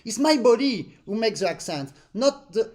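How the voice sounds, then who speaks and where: A man's voice: high-pitched, sing-song, moderate pace, a little mellow. A man teaching an accordion master class in an online lesson, earnest and demonstrative, repeating points to stress them and singing rhythms in syllables. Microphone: online lesson stream.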